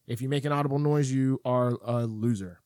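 A man's voice: mid-range voice, fairly even intonation, brisk, a little mellow, no echo. A man hosting a casual podcast, explaining the rules of a game with lots of fillers and frequent laughs. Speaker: podcast host. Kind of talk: casual chat.

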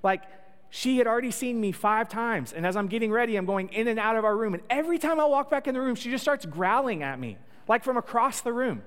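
A man's voice: very high-pitched, animated, fast talker, fairly bright tone, smooth. A man preaching a sermon in a conversational, joking storytelling way. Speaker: pastor. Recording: long echo of a large hall.

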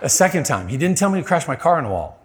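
A man's voice: a little high, very animated, very fast. A middle-aged man preaching a storytelling sermon in a conversational way, acting out the voices in his story.

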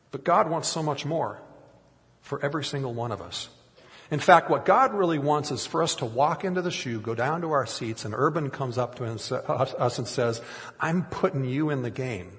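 A middle-aged man preaches with animated storytelling, slipping into acted-out quotes along the way. His voice sits in a middle pitch. The sound rings with the long reverb of a large hall. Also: moderate pace. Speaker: pastor. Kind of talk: sermon.

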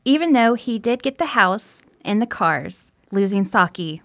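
A woman fills in the details of a true-crime case and affirms her co-host often, in an easygoing conversational tone. Her voice sits at a middle pitch and is recorded close and dry. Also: animated, unhurried, dry recording. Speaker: podcast co-host. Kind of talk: casual true-crime chat.

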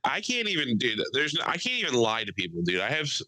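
A man's voice: medium pitch, fast talker, no echo, rough recording. A young man hosting a podcast, telling profane stories in casual chat and laughing often. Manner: animated, profane storytelling, frequent laughter. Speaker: podcast host.

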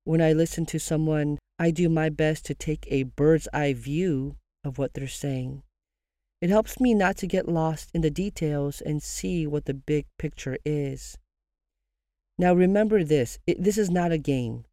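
Calm, measured podcast host with a mellow voice. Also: medium pitch, no echo, studio quality. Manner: calm, measured, counselling tone with slow emphatic phrases; asks listeners rhetorical questions. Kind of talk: scripted podcast monologue giving grief advice.

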